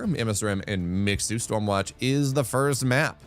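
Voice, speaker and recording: A man doing live-streamed esports commentary, animated and chatty with rambling asides. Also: lowish voice, moderate pace, faint music behind.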